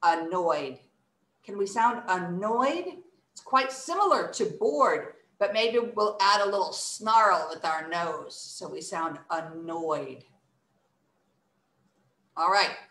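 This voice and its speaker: A woman's voice: medium pitch, unhurried. A woman in her thirties teaching children an online poetry reciting lesson, acting out emotions with her voice. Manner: animated, acts out emotions with her voice. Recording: echoey room.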